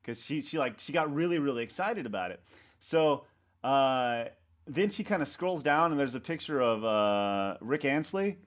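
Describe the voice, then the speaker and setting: A man, a website co-founder, talking in a casual interview, rambling and halting with many restarts and fillers. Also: mid-range voice. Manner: animated storyteller acting out coworkers' lines.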